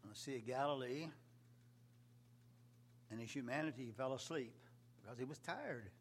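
A man preaching a sermon, shifting from soft, quiet lines to loud, rising cries. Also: medium pitch, moderate pace. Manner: preaching with sudden loud swells and soft drops.

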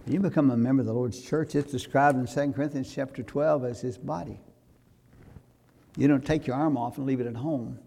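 Gravelly-voiced preacher man. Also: medium pitch, steady tone, brisk. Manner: preachy, rising to loud fervent exhortation. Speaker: pastor. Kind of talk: sermon.

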